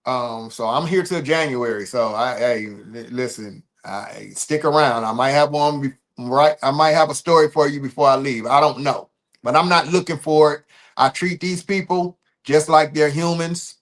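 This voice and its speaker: High-voiced man hosting a loose livestream. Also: moderate pace. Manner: loose and repetitive, restarting phrases, emphatic then trailing off quietly. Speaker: livestream host. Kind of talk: casual livestream talk.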